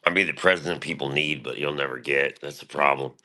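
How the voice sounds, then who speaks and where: A fast-talking man with a remarkably deep voice keeps his intonation fairly even during a rambling, casual stream monologue. He boasts and curses throughout, and his tone has a bright, forceful edge despite the depth.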